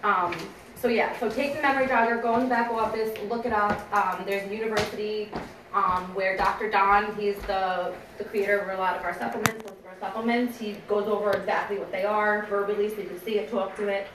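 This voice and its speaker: A woman's voice: medium pitch, fairly even intonation, brisk. An upbeat woman chats through a training session for a small group. She sits well back from the mic in a roomy, echoing space. A faint hiss stays in the background. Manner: chatty and upbeat, laughs often, acts out store chats. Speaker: team trainer. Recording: echoey room from a distance, faint background noise.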